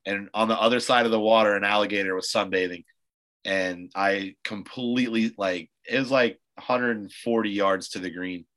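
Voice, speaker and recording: Bright-voiced laid-back male podcast host. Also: on the low side, fairly even intonation, moderate pace, low-quality recording. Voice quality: loose, rambling storyteller with many fillers. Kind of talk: casual chat.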